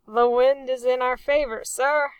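An eager first lieutenant who hurries to flatter his captain, as a woman narrator voices him. His deferential delivery still runs slow and a little high. The recording is dry and close. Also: clean tone, dry recording. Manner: hasty and deferential. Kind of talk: audiobook character voice.

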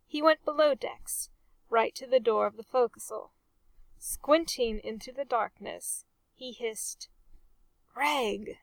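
A woman reading a story aloud in a measured, expressive way. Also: on the high side, gravelly, no echo. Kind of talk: storybook narration.

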